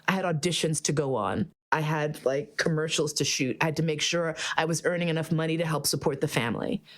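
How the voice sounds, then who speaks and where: A woman's voice: low voice, a little fast. A woman hosting a podcast, telling stories in casual chat, swearing freely and laughing often. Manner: profane, animated, laughs often. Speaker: podcast host.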